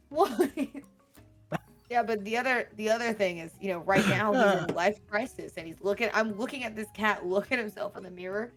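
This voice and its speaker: A woman's voice: medium pitch, normal speed, soft background music. A young woman chatting casually on a gaming stream, laughing often as she improvises a silly story. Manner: giggly, animated storyteller. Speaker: streamer's guest player.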